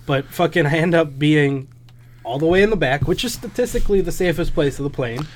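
A man on a podcast telling a profane, animated story in casual chat. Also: a little high, brisk, slight background noise. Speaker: podcast co-host.

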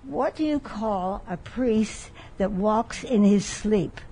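A woman's voice: medium pitch, slow, warm tone, a little hiss or hum. An elderly woman, the guest of honor, chatting casually and telling rambling jokes. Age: older. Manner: chatty joke-teller, rambling. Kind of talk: casual chat.

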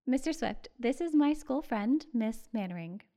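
A woman reading the lines of an eager, excited young schoolgirl in a storybook. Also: a little high, normal speed. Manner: gushing, eager.

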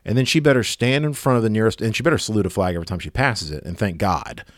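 A man's voice: lowish voice, quick pace, no room sound, clean studio sound. A man delivering a sarcastic, exasperated rant in a monologue. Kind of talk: ranting monologue.

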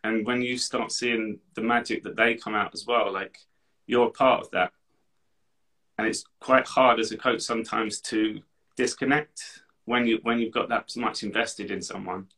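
A man co-hosts a podcast, his low voice sharp and bright. He talks earnestly and casually, leaning often on filler words. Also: fairly even intonation, moderate pace. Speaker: podcast co-host.

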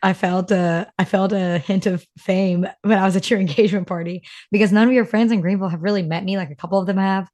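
A woman's voice: medium pitch, fairly even intonation, fast talker, few pauses, a little mellow. A young woman from North Carolina, co-hosting a podcast in casual, emotional chat, full of "like" fillers. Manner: chatty, emotional storyteller, many "like" fillers. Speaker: podcast co-host.

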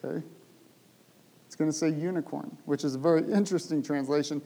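Animated preaching man, mellow tone. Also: fairly high pitch, a little fast, creaky, rough recording. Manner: animated preaching, rising to loud emphatic bursts. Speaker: pastor. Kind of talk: sermon.

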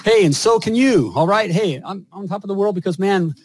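A man's voice: sits high, brisk, no echo, poor audio. Hyped, boastful man hosting a podcast. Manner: boastful, hyped, repetitive fillers. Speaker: podcast host. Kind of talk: energetic podcast hosting with sponsor read.

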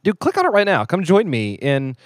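A man's voice: sits high, huge pitch swings, fairly quick, no echo, studio quality. A man co-hosting a casual podcast, joking and playful, rambling from one thought to the next. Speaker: podcast co-host. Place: small studio room in a theater.

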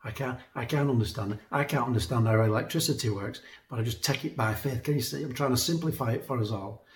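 A man's voice: mid-range voice, quick pace. A man preaching in an earnest, conversational manner, circling back over his words as he builds each point. His voice sits in a middle register, and the room around him rings with echo. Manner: earnest, conversational, repeats words when emphasizing. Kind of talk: sermon. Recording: echoey room.

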